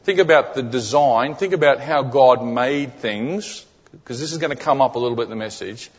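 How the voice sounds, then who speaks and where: Husky-voiced preacher in an echoey church. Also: male voice, mid-range voice, moderate pace. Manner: conversational, often checking in with the congregation; repeats key phrases for emphasis. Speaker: guest preacher. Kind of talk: sermon. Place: church sanctuary. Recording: echoey hall, dull lo-fi sound.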